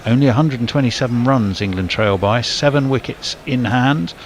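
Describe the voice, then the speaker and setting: A man giving ball-by-ball cricket commentary, measured and lifting on big shots, with faint background noise. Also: medium pitch.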